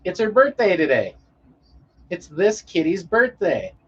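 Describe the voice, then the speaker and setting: A man's voice: high voice, sing-song, a little slow, husky, dull audio. A man chatting casually on a live stream, rambling and swearing in an easygoing way.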